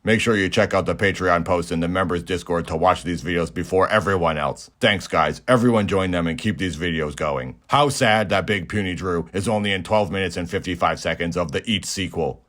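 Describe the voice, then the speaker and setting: A man in his thirties giving a deadpan, joke-filled comedic recap of a movie as the host of his show. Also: sits low. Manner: deadpan, absurd jokes. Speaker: movie reviewer.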